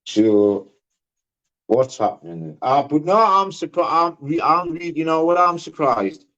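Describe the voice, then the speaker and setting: A man co-hosting a livestream panel, arguing loudly, swearing and mimicking the people he argues with. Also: on the high side, big pitch swings, a little slow. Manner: loud, sweary, mimicking others. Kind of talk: heated livestream argument. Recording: muffled lo-fi stream audio.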